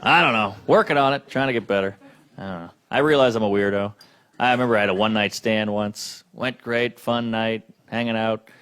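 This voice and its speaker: A man's voice: lowish voice, a little fast, a bit bright, smooth. A male comedian doing stand-up with a dry, self-deprecating delivery.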